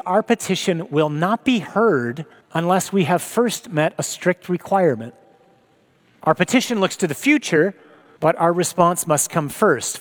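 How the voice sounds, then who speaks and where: A man preaching a sermon, reading scripture and teaching in an earnest, reflective way. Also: a little high.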